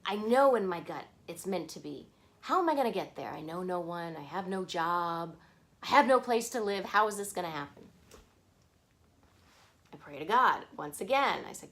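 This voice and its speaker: A woman's voice: on the low side, expressive, moderate pace, fairly bright tone. A woman vlogger telling a personal story to the camera, acting out the people she quotes.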